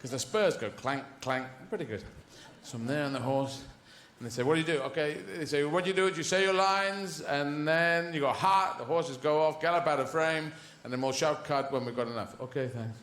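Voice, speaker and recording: A man's voice: fairly high pitch, normal speed, fairly bright tone, slight background noise. A man doing rambling, playful stand-up comedy full of sound effects, on a roomy stage.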